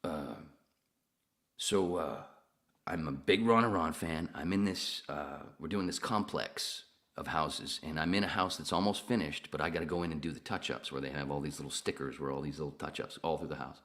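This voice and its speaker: A man's voice: very deep voice, normal speed, fairly bright tone. A man hosting a podcast, telling long profane stories in a casual rambling way. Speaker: podcast host. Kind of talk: casual storytelling chat.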